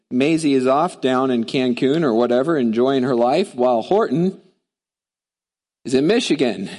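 A man preaching to his church, retelling a children's story in a lively, casual way. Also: fairly high pitch. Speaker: pastor.

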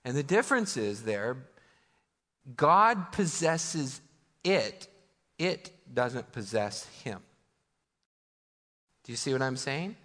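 This American pastor's mid-range, fairly bright voice swings widely in pitch as he preaches slowly, leaving long pauses. Speaking conversationally but with emphasis, he asks rhetorical questions, his words echoing with long hall reverb through the sanctuary.

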